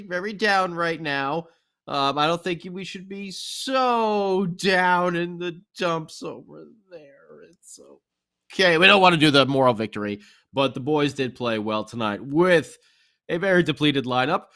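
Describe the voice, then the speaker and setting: A man's voice: high-pitched, pushed and bright. Upbeat rambling male co-host. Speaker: podcast co-host. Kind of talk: casual hockey recap chat.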